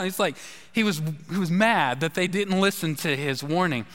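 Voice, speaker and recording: A man's voice: sits high, brisk, pushed and bright, smooth. A man preaching a sermon in a loose, conversational way, telling stories with asides to the congregation. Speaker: pastor. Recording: long reverb of a large hall.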